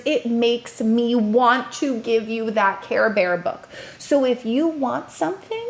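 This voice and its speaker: Lively woman educator reacting on camera. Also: on the high side, slow pace. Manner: animated, acts out parents' and children's lines. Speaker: educator and parenting commentator. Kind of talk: casual reaction commentary.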